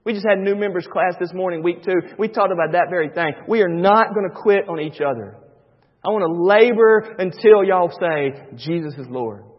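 A man, a pastor preaching a sermon, swinging between loud and hushed. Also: high voice, moderate pace. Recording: dull recording with long church reverb.

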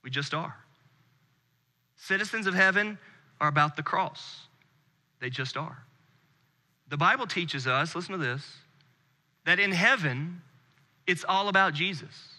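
A man in his thirties from the United States preaching a sermon with earnest intensity, dropping to a hush on key phrases. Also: fairly high pitch, expressive, unhurried, long pauses. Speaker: pastor. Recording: long hall reverb.

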